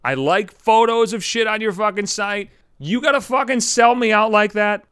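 A man's voice: high voice, moderate pace, fairly bright tone, clean tone, no room sound, studio quality. A young man hosting his own podcast, telling a story in a profane, exasperated comic rant. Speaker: podcast host. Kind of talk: solo comedic podcast rant.

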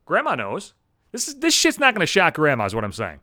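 A man's voice: a little high, huge pitch swings, brisk, sharp tone, dry recording, clean studio sound. A man in his thirties from the Buffalo area hosting a podcast, ranting in a profane, exasperated and sarcastic casual monologue. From Buffalo area, USA. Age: 30s. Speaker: podcast host.

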